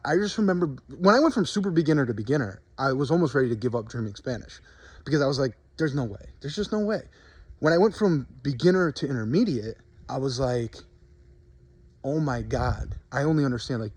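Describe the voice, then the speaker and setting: A man talks to his camera outdoors in the cold, speaking at an ordinary middle pitch. His delivery is candid and rambling, full of "um" and "like" and self-corrections, as if he is thinking out loud for his viewers. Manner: rambling and candid, lots of fillers and restarts. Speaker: vlogger documenting language learning. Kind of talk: casual talking-to-camera vlog.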